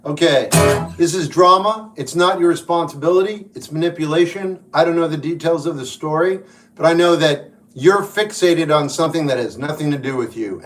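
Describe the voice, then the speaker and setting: A man from New Jersey hosting a livestream, reading viewer comments and giving blunt, wry advice. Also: a little high. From New York / New Jersey. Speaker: livestream host and musician. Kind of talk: casual livestream chat answering viewers.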